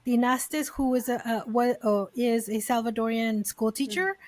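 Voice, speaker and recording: A woman co-host talks through a comic book in loose, halting chat, slipping into Spanish now and then. Her voice sits fairly high. The sound is close and dry, with no room in it. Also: a little mellow, no room sound. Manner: chatty, halting with many fillers and restarts; drops Spanish words into English. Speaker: podcast co-host. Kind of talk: casual chat about comics.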